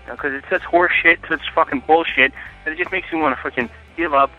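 A man's voice: a little high, fast, highs cut off, faint music behind. A man leaving a profane, ranting voicemail. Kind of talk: angry phone rant.

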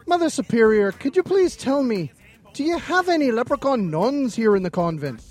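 Guy doing a high-pitched lilting irish leprechaun, cheeky little fella, bouncy up and down. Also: sing-song, normal speed, a little mellow, full character voice. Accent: put-on Irish.

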